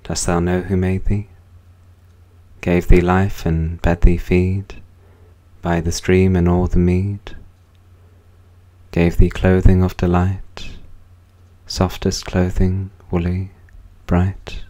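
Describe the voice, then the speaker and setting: A man reciting poems in a solemn, measured way, letting the ends of lines fall softly. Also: low-pitched, completely flat delivery. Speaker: poetry reader. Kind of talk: slow, measured poetry recitation.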